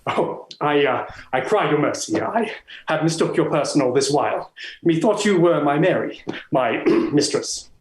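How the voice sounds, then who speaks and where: A playful poet who savours every phrase, played by a man, in lively Elizabethan stage speech. His voice leaps up and down and stays slightly high. The room around him is echoey. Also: normal speed, natural voice. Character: playful male poet, charmed by words.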